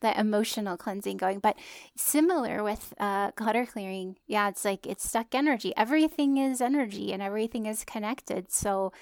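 A woman co-hosting a podcast in casual chat, telling stories with laughter and animated asides. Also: mid-range voice, normal speed, creaky, no echo, clean studio sound. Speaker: podcast co-host.

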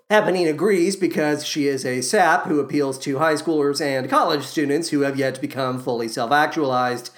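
A woman hosting a podcast, recapping a musical's plot with sarcastic, irreverent comedy and quick silly voices. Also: low voice. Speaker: podcast host.

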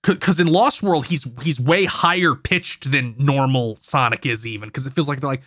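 A man's voice: mid-range voice, a little fast, few pauses, a bit bright, no room sound, studio quality. A man talking casually about video games on a podcast, rambling, cursing and correcting himself as he goes. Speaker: podcast co-host. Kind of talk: casual gaming podcast chat.

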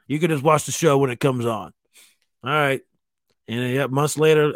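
A man's voice: medium pitch, no room sound, clean studio sound. A man ranting casually and profanely, exasperated and mocking, often stumbling over restarts. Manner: halting restarts, mimics voices. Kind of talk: casual solo rant.

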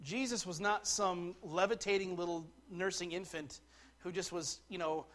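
A man preaching a sermon, dropping to quiet asides and rising to loud, slowed declarations. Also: high voice. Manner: slows right down to stress key words. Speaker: pastor.

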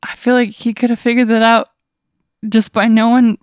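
A woman's voice: fairly high pitch, level tone, normal speed, clear, resonant tone, no echo, clean studio sound. A woman guest in a casual comedy chat, quizzically asking follow-up questions.

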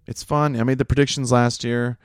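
A man hosting a casual monologue, rambling and crude, joking and laughing at his own jokes, jumping high in pitch when he gets worked up. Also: flat delivery, a little fast, clear, resonant tone, no room sound, studio quality.

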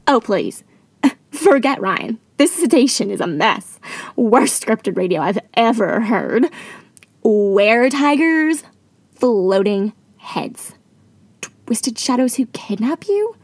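A woman's voice: fairly high pitch, sing-song, takes it slowly, no room sound, heavily acted. Ditzy wannabe-starlet sister played by a woman, fake American accent, theatrical comedy audio drama. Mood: flippant. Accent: put-on American. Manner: ditzy, theatrical, self-absorbed.

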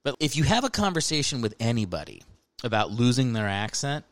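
A man's voice: medium pitch, sing-song, brisk, no echo. A man in his thirties hosting a podcast, talking in a rambling, jokey, casual way full of fillers. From American South and New Jersey. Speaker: podcast host. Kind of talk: casual comedic monologue.

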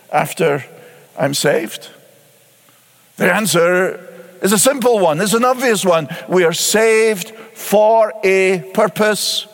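A man's voice: sits high, in a large hall. A man pastor preaching a sermon emphatically, repeating key words and asking rhetorical questions.

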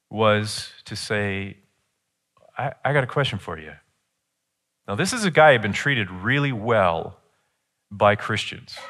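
Preaching in a sincere teaching manner, a middle-aged man raises his voice, both higher and louder, as he emphasizes his points.

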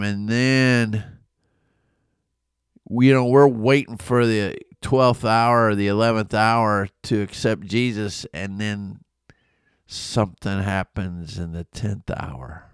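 A man, a pastor, retelling a Bible story in a casual, animated way and asking his listeners questions. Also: lowish voice, takes it slowly, clear, resonant tone, dry recording, studio quality. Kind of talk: casual Bible study talk.

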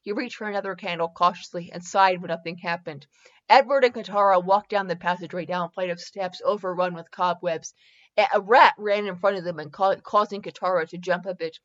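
A woman reads fan fiction aloud in a casual, amused way, fixing her own slips as she goes. Her voice is bright and edgy. The recording is muffled and lo-fi. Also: fairly low pitch, steady tone, fairly quick. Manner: laughs and corrects herself while reading. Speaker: fanfiction reader. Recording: dull lo-fi recording.

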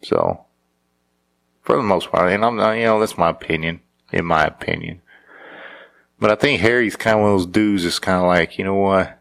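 A man's voice: sits low, very animated, normal speed, creaky, long pauses, a bit bright. A married man riffing in a casual, sarcastic, rambling monologue, often restarting his sentences. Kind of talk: casual comedic commentary.

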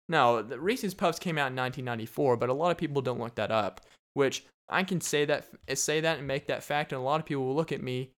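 A young man rambles through a casual podcast monologue, cracking jokes and breaking into laughter. His voice sounds smooth and clear. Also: medium pitch, brisk, a bit bright. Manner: rambling and joking, laughs often. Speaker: podcast host.

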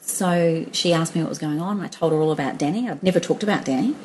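A woman's voice: low voice, fast, a little mellow, a little hiss or hum, rough recording. A middle-aged woman from Australia, chatty and laughing often as she tells her story in a casual interview, with many restarts. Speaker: guest.

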